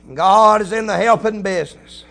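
A man preaching a folksy sermon, telling a story quietly, then building to shouted preaching with hallelujahs. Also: high-pitched, normal speed, vocal fry, soft background music. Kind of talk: Pentecostal-style sermon.

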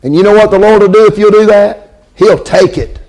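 High-voiced preacher. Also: male voice, a little fast, darkish tone. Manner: calls out amens, repeats lines for emphasis. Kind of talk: sermon.

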